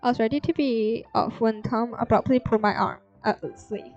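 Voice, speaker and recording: A woman's voice: on the high side, steady tone, normal speed, darkish tone. Young woman streamer reading a game aloud. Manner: reads story text aloud, breaks off for blunt, swearing asides. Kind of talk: reading a visual novel aloud with commentary. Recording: slightly dull stream audio with faint music.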